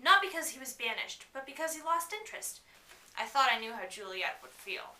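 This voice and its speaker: Bright-voiced woman reading aloud with asides. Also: sits high, big pitch swings, brisk. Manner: giggly, chatty asides. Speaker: reader. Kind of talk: casual read-aloud with commentary. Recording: echoey room from far off.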